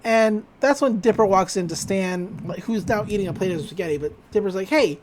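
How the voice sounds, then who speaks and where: A podcast host casually recapping a cartoon episode, telling it in an animated way and laughing often. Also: mid-range voice, brisk.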